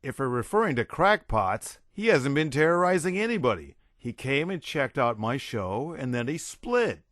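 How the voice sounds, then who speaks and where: A man's voice: mid-range voice, very animated, normal speed, a bit bright, no echo, clean studio sound. A man doing a laid-back, wisecracking rock musician. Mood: offhand.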